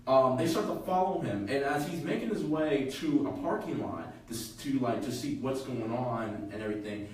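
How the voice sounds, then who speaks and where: A man casually retelling a fan fiction story on a podcast, halting and full of fillers. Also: mid-range voice. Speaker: podcast co-host. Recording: echoey room, from far off.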